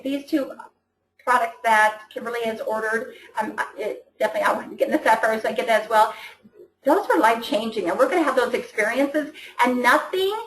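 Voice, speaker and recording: A woman's voice: fairly high pitch, reverberant, a little hiss or hum, low-quality recording. A woman coaching her sales team in a casual training call, chatty and enthusiastic, often restarting her sentences.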